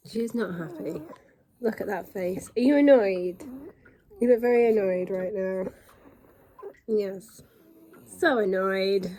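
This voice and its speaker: A young British woman pet sitter in a casual vlog, cooing to animals in soft baby talk while bathing them at home. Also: medium pitch. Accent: British English. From United Kingdom. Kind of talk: casual vlog talking to pets.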